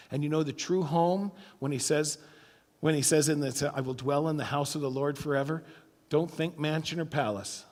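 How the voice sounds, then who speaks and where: A male pastor delivering a sermon, telling a scripture story with emphatic stretches that fall to a hushed tone. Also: on the high side. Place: church sanctuary. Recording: church hall reverb.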